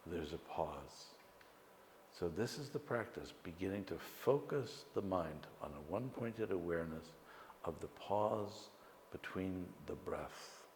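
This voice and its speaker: Man, meditation teacher, very low voice, slow calm guidance, long-reverb hall. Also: slight background noise. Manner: slow, calm, pausing between phrases. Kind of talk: guided meditation lecture. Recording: echoey hall with long reverb, faint ambience.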